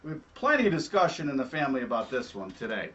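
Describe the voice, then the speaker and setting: A man hosting a show, telling stories in a casual, animated way and often adding "all right?". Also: mid-range voice, fast talker, highs cut off. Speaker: host. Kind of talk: casual storytelling.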